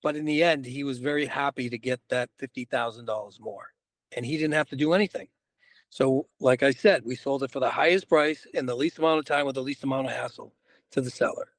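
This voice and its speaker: A man's voice: medium pitch, fairly quick, no room sound, clean studio sound. A man co-hosting a podcast, a realtor telling a story in casual chat and acting out both sides of the conversation.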